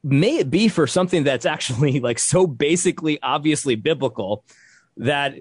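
A young man with a slightly husky voice holds forth in heated, conversational commentary. His pitch jumps around a lot as he presses each point, repeating himself and restarting sentences. The sound is dry and close. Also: lively intonation, moderate pace, no room sound. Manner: emphatic, repetitive, restarts when worked up. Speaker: podcast co-host.

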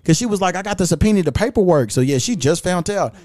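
A man hosting a podcast, telling animated, profane stories in a casual chat and acting out the quotes. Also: high voice, fast talker, no room sound. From California. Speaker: podcast host.

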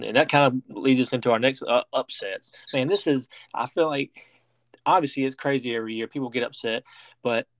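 Man, podcast host, casual sports talk, rambling delivery, middle pitch, dry close recording. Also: no room sound. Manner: rambling, many restarts and fillers.

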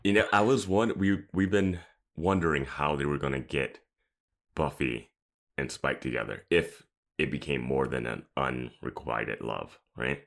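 A man co-hosting a podcast, relaxed and chatty, agreeing and chuckling as he recaps a TV episode. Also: extremely low pitch, measured pace, vocal fry. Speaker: podcast co-host. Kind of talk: casual chat recapping a TV episode.

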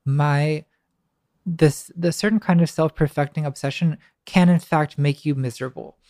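A woman guest speaks reflectively, hesitating, restarting often and using many fillers, occasionally laughing wryly at herself. Her deep, dark-toned voice is fairly even in intonation and normal in speed, captured in a clean studio with no room sound.

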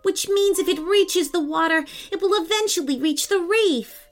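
A woman reading a children's story, voicing a kind, excitable young mermaid girl with eager exclamations. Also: high voice, unhurried, soft background music, voice pushed up, full character voice. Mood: earnest.

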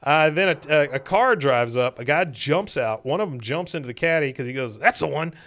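Bright-voiced man recapping a cartoon episode. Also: a little high, expressive, fairly quick. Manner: rambling, filler-heavy retelling. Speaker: podcast co-host.

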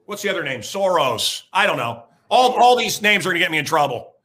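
Radio host guy in his sixties, high tense voice, rants loud and crude, keeps circling back, yells now and then. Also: sing-song, a little fast. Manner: loud, emphatic, crude, bursts into shouting; rambling, repeats himself. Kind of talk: ranting talk-show monologue.

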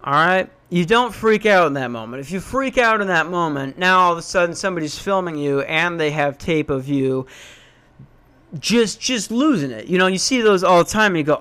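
Young guy from Minnesota, casual rant storytelling, self-deprecating, slightly high voice. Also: normal speed, clean tone. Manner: animated, self-mocking, swears, jumps into high voices when quoting.

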